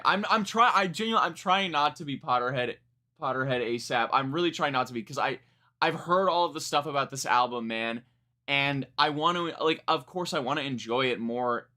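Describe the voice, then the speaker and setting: A young man with a bright, forward voice gives a live song reaction in casual chat. He rambles, restarts his sentences and swears freely as he picks apart the lyrics. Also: mid-range voice, animated, brisk. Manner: rambling, self-correcting, frank and profane. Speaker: music reaction streamer.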